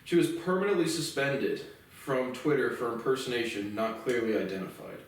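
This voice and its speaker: Guy ranting and swearing on his own, mid-pitched voice, sounds far from the mic. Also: normal speed. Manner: profane, rambling and indignant. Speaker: commentator. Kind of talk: ranting solo commentary. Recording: very echoey room, mic far off.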